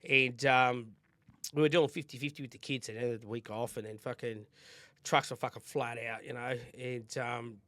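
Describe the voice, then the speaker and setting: An Australian man co-hosting a podcast, telling a personal story in candid casual chat, swearing constantly and rambling from quiet mutters to loud bursts. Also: mid-range voice, fairly even intonation, normal speed, no echo. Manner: drops quiet then bursts louder. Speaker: podcast co-host.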